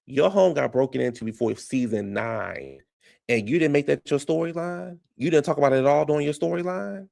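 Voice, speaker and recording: A man's voice: fairly high pitch, a little fast, creaky, darkish tone. A man giving casual commentary, recapping reality TV in a chatty, incredulous way with lots of rhetorical questions.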